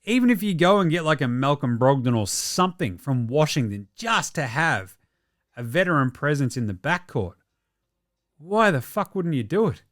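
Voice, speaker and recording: A man, hosting a casual basketball show and ranting about games and trades with plenty of swearing. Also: a little high. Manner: fast, sweary, excitable ranting. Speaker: host. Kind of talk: casual sports commentary.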